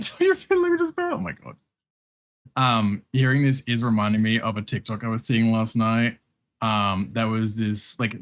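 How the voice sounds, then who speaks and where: A man with a fairly low, slightly bright voice streams his art, drawing while he chats. His talk rambles loosely, full of fillers and little laughs, as he reacts to chat and the background music.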